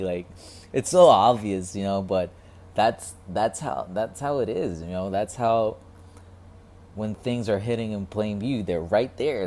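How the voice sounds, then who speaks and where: Low-voiced man musing in a rambling way. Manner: rambling, halting, repeats words, quiet. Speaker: vlogger. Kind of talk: casual reflective monologue.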